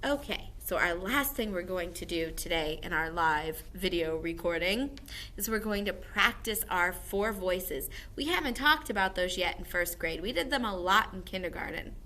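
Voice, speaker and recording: A woman's voice: fairly low pitch, lively intonation, normal speed, pushed and bright, slight background noise. A woman music teacher giving a recorded video lesson to first graders, upbeat and encouraging, explaining things simply for young children.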